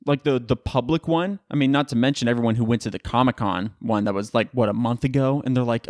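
This young man hosts a solo podcast at a quick clip with hardly any pauses, his medium-pitched voice recorded clean in a studio with no echo. He rambles casually with animated asides and often corrects himself mid-sentence.

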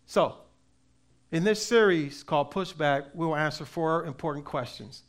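A man preaching a sermon as pastor, with emphatic delivery that swings between loud and soft and slow readings of scripture. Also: on the high side. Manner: reads scripture aloud slowly.

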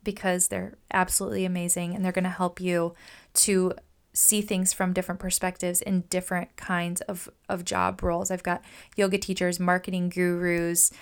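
A woman's voice: fairly low pitch, flat delivery, moderate pace, gravelly, clean tone. A woman hosting her own podcast in a casual solo monologue, gushing and upbeat, with lots of "like" and "oh my gosh.". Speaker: podcast host.

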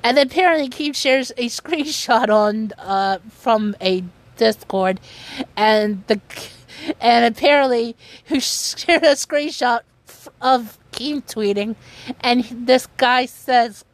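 A woman speaks in a somewhat high voice, unhurried and deliberate. Her casual commentary is earnest and halting, with many restarted sentences. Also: dry recording. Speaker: commentary vlogger. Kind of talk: casual commentary on online news.

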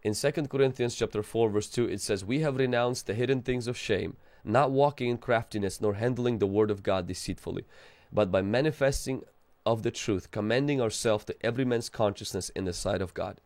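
A man's voice: on the low side, brisk, a little mellow. Impassioned man preaching a sermon. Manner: impassioned, rising and falling intensity, calls to the audience; casual slang within preaching.

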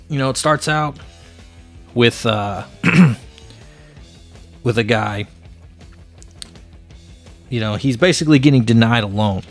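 A man hosting a comic book review show, casually retelling a story in a loose, rambling way. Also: mid-range voice.

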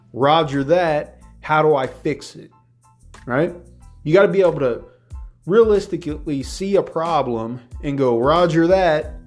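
Man, podcast host, casual motivational monologue, earnest, rambling restarts, faint background music. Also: medium pitch.

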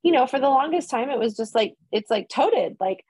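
A woman in her thirties, a podcast guest chatting casually and telling animated stories with lots of fillers. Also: high voice, brisk, breathy edge, no echo. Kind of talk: casual chat.

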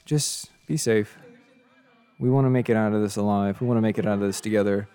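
A man's voice: on the low side, fairly even intonation, brisk, dark tone, smooth. A young man hosting a casual solo podcast, rambling and joking at his own expense, tired from too little sleep. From of Mexican descent. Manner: rambling, joking, self-deprecating. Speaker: podcast host.

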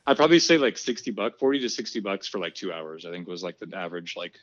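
A man's voice: sits low, animated, fast talker, no room sound. Rambling American man, slightly dull recording. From United States. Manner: rambling, filler-heavy, laughing often. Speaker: podcast co-host telling a story. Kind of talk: casual chat.

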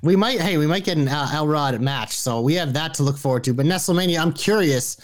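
Teasing man with a high, lively voice. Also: brisk. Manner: teasing, dry put-downs. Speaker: podcast co-host. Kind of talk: casual wrestling chat.

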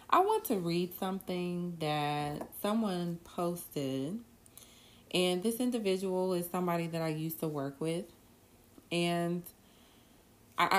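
Woman, low-pitched, earnest solo podcast talk, slow with laughs. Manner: earnest, drawn-out pauses, bursts of laughter. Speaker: podcast host.

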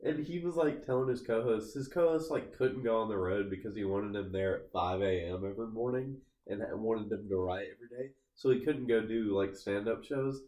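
A man's voice: lowish voice, fairly quick, hardly any pauses, warm tone. A man co-hosting a podcast in casual chat, telling rambling stories packed with filler words. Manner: rambling, filler-heavy storytelling with frequent laughs. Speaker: podcast co-host. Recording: echoey room.

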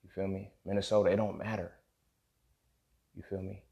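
A man's voice: low voice, little pitch movement, normal speed, creaky, mellow, dull audio. A man hosting a podcast, venting in an impassioned solo monologue, angry and emotional, emphatic and profane, often checking in with "you feel me". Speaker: podcast host.

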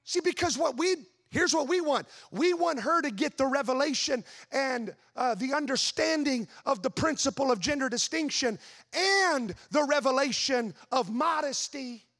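A man's voice: very high-pitched, moderate pace. A man preaching a sermon as pastor, telling a story with rhetorical questions to the congregation. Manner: animated storytelling with voiced asides.

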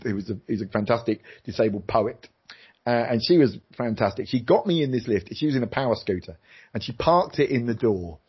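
A middle-aged man, an interview guest and former TV presenter, telling a personal story candidly and animatedly, jumping into high voices for quoted lines. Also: breathy edge. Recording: slightly dull lo-fi sound.

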